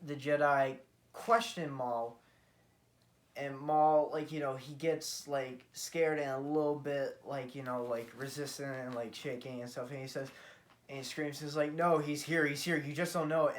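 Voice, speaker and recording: A man's voice: mid-range voice, fairly even intonation, normal speed. A man casually retelling a fan story, rambling with many fillers and correcting himself as he goes. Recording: roomy echo.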